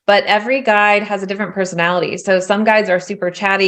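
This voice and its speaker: A woman's voice: medium pitch, quick pace. A woman hosting a podcast as a spiritual business coach, chatting casually and acting out voices in her stories. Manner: animated, acts out voices in quotes. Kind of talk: casual interview chat.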